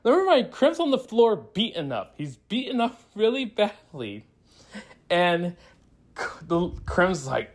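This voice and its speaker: A man's voice: sits high, big pitch swings, measured pace. A man giving a casual spoiler review of a movie, rambling through the plot with frequent restarts and acting out quoted lines. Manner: laughs and acts out quoted lines.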